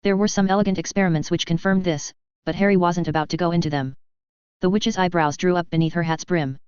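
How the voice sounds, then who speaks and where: A steady audiobook narrator with a very clear voice and an even, measured delivery. The recording is dry and slightly dull. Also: medium pitch, no room sound. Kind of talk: audiobook narration of fan fiction.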